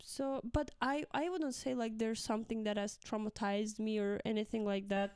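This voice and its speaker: Young woman teacher telling class stories as a guest, crisp voice, dry close sound, higher range. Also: fairly even intonation, moderate pace, a little mellow, no room sound. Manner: chatty, acts out quotes of pupils with laughs. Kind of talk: casual conversation.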